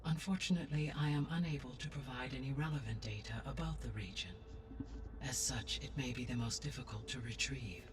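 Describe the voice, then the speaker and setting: A woman voicing a calm female artificial intelligence in a video game cutscene, speaking in a measured, precise, formal way, heard as distant game audio with music underneath. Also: extremely low pitch. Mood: informative.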